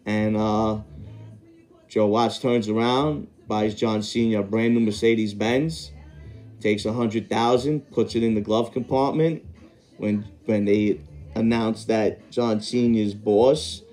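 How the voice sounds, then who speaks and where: A man with a low, mellow voice tells a story in a loose, casual way. He trails off and corrects himself as he works out what he remembers, and faint music plays under him. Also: steady tone, a little slow. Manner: rambling, self-correcting, stops to recall details. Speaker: podcast host telling a story.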